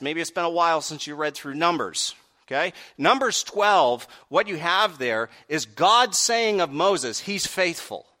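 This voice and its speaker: A man preaching a sermon, asking the congregation direct questions and swinging from quiet earnest stretches to loud raised peaks. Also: fairly high pitch. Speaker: pastor.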